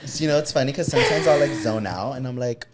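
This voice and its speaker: A man's voice: mid-range voice, fast talker, heavy background noise. A man co-hosting a podcast in casual chat, talking expressively, swearing and laughing often. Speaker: podcast co-host.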